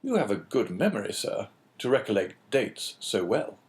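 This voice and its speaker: Brief: man playing a cool, measured English agent in a storybook reading, lively intonation. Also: lowish voice. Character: calm, phlegmatic English businessman.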